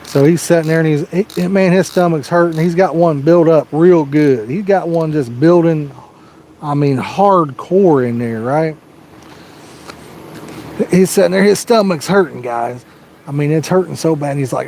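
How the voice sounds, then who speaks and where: A man hosting a live fishing show outdoors, his voice a touch higher than most men's. He talks in a loose, rambling, folksy way, telling a long joke while baiting his hooks. Faint outdoor noise sits behind him. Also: measured pace, darkish tone. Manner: rambling, folksy storytelling with frequent "you know". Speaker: fishing livestream host. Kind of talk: casual live-stream chat and joke telling. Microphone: personal microphone.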